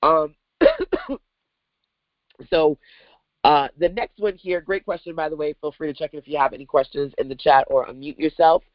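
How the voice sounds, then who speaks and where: A woman from Brooklyn hosting an online business workshop, coaching with animated, emphatic rhetorical questions over a video call mic. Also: sits low, normal speed, pauses often, no echo, lo-fi sound. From Brooklyn, New York.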